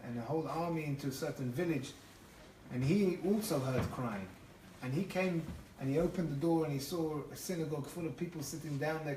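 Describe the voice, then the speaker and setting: A man giving an animated storytelling lecture as a Torah teacher, often restarting his phrases. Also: a little high. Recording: echoey room, far from the mic, faint noise.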